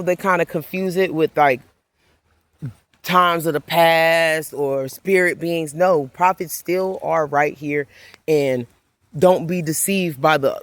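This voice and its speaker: A woman's voice: medium pitch, no room sound. A woman giving an emotional, rambling spiritual monologue as a self-described prophet, preachy and swearing freely.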